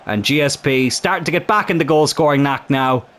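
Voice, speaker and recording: A man commentating his own football video game match in a casual, chatty way, getting excited at big chances. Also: on the high side, fairly quick. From Ireland.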